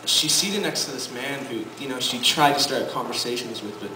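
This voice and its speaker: A man quietly telling a story to introduce a song at a live coffee house performance, strumming as he talks. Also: mid-range voice, noisy background. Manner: quiet, unhurried storytelling over guitar. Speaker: singer-songwriter performing live. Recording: roomy, distant live recording with loud guitar. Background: loud live acoustic guitar.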